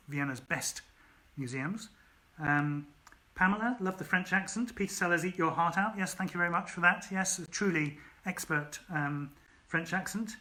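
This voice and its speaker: At home during lockdown, a male author reads his story aloud on a livestream, then chats casually with viewers. His voice is fairly high with a sharp tone, and he's chatty, says um a lot, and thanks viewers by name.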